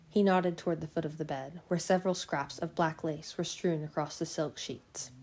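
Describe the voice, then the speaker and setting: A woman narrating a novel in the first person with a low, mellow voice. Her reading is steady and unhurried, and the tone stays soft and rounded throughout. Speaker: fan audiobook reader.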